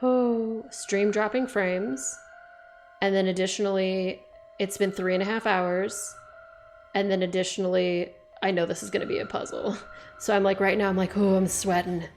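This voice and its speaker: Young woman streaming a game, chatty, says like a lot, reads text out loud, faint music behind. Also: mid-range voice, level tone, moderate pace. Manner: chatty, lots of "like", swears casually. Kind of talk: casual live-stream commentary and reading game text aloud.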